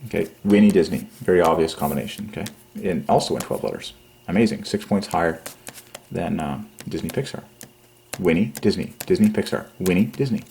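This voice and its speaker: A man hosting a religious channel, rambling through a numerology monologue, excitable and giggly, then dropping to low quiet mumbling while he counts. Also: a little fast, gravelly, a little hiss or hum. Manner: giggly, excitable, breaks into high laughs. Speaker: religious YouTube channel host.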